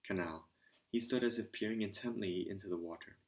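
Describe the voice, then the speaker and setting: A man's voice: on the low side, brisk, darkish tone, low-quality recording. A man narrating an amateur audiobook, reading steadily with occasional stumbles and self-corrections. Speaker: audiobook reader.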